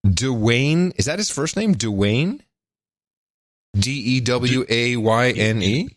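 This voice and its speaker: A man's voice: medium pitch, expressive, slow, no room sound, studio quality. A man co-hosting a podcast, bantering in a jokey way and reading news stories aloud. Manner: jokey, reads news clips aloud, mock voices. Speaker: podcast co-host.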